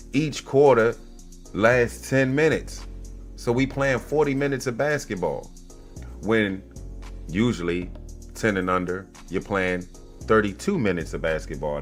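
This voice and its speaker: A youth basketball coach hosts a casual podcast monologue, telling stories in a blunt, profane, animated way. His voice is lowish.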